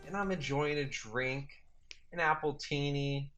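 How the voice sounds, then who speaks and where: A man hosting a comedy podcast, spinning a rambling, mock-earnest tall tale with a deadpan delivery. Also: a little high, measured pace, soft background music. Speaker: podcast host. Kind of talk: comedic storytelling.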